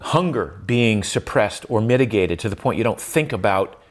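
Speaking at a normal speed in a lowish, animated voice, an older man appears as a guest in a conversational interview. He reflects aloud, often backtracking and filling gaps with fillers, and his voice climbs when he drives a point home.

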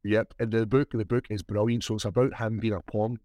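A man's voice: lowish voice, steady tone, a little fast, mellow, no echo. A man with a Scottish accent co-hosting a podcast, chatting casually and swearing freely. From Scotland. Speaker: podcast co-host. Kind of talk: casual chat.

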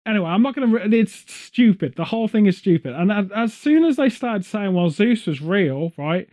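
A man in casual chat as a podcast co-host, ranting sarcastically and telling animated stories. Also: sits high, brisk.

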